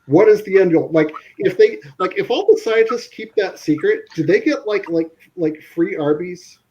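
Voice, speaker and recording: A man chatting casually on a panel, rambling and animated as he tells stories. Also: high voice, normal speed, muffled recording. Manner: rambling, animated storytelling, frequent laughs.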